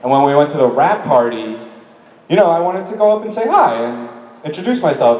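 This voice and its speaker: A New York man answers fan questions on a convention panel, chatty, self-deprecating, and laughing often. His voice is on the high side and a little mellow, with big pitch swings and a slightly fast pace. He's heard from afar through a PA in an echoey convention hall with an audience.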